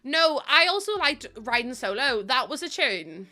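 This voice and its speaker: A woman's voice: sits high, sing-song, moderate pace, sharp tone. A woman in her twenties chatting casually on a live stream, rambling and laughing often.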